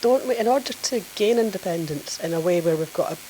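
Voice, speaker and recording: Lady in the audience asking a question, kinda hesitant, lowish voice, far from the mic with faint hiss. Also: animated, fast, warm tone. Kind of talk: question from the floor. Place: meeting room. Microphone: off-mic, from across the room.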